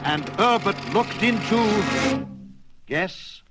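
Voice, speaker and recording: A man's voice: sits high, expressive, extremely slow, music in the background, poor audio. Playful man reading a storybook. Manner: playful, dramatic read-aloud. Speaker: narrator. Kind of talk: storybook narration.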